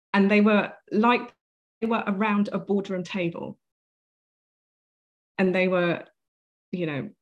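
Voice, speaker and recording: Woman interview guest, lowish voice, earnest vivid storyteller. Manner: earnest, vivid retelling with acted-out quotes.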